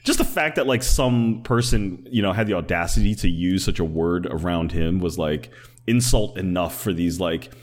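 A man in casual political chat, sardonic and animated, filling his talk with "like" and slipping into impressions. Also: sits low, normal speed. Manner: animated, sardonic, many "like" fillers, slips into impressions.

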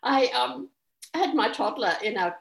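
Middle-aged New Zealand woman, chatty storyteller, bright lively pitch, echoey room. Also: a little slow, gravelly. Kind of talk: casual chat. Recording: roomy echo.

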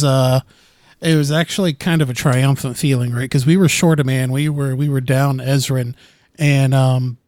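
A man's voice: mid-range voice, a little mellow, no room sound, clean studio sound. A man who plays in the game, talking it over on a podcast in a thoughtful way with stammering restarts. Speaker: player. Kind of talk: podcast discussion.

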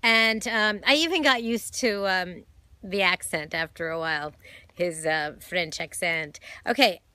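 A woman's voice: lowish voice, a little slow, bright, forceful tone. A woman hosting a casual film review vlog, chatty and rambling, with many fillers, self-corrections and gushing enthusiasm. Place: home, holding a dog.

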